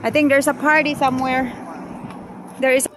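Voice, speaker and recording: A woman's voice: sits high, flat delivery, normal speed, a little hiss or hum, poor audio. A woman chatting casually to her viewers on a phone while out on a bike ride and at a park. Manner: chatty, mixes English with Tagalog. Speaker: vlogger. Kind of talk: casual vlog narration while biking.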